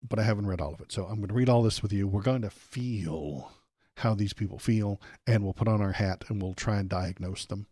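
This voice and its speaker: A man with a fairly low voice hosts a casual political livestream, reading along and mocking what he reads. He rambles and restarts, with frequent "uh" fillers and a dry, sardonic edge. The sound is dry and close. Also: fairly quick, warm tone, dry recording. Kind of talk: casual live commentary.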